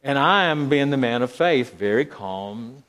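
A middle-aged pastor shares a personal story during a sermon, lurching between loud, forceful emphasis and hushed lines that are almost whispered. His voice sits in the mid range, and he speaks at a moderate pace.

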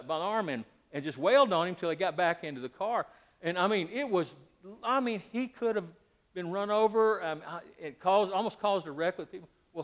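Middle-aged male pastor, high voice, lively sermon delivery with loud and quiet swings. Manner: animated preaching, swings between loud and quiet.

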